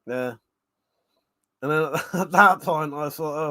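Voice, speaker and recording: A fairly high-voiced man hosts a laid-back livestream, chatting with his viewers. He talks crudely, swears freely and keeps breaking into laughter. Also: slow pace, pushed and bright. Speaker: livestream host. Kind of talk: casual chat with live chat.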